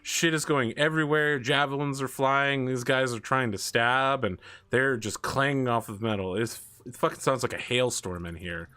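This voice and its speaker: A man narrating a tabletop game as dungeon master, animated and swearing, slipping into silly voices for the monsters. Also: mid-range voice, normal speed, few pauses, clean tone.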